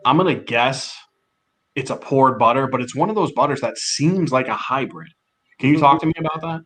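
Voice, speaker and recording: A man's voice: mid-range voice, brisk, fairly bright tone. A man co-hosting a casual podcast, joking around and asking the guest questions. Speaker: podcast co-host.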